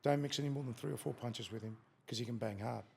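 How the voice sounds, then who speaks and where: A man's voice: mid-range voice, quick pace, gravelly, mellow, breathy edge. A middle-aged Australian man telling a story as a podcast guest, swearing freely and acting out quotes. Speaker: guest, former fighter. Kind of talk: casual storytelling in a podcast interview.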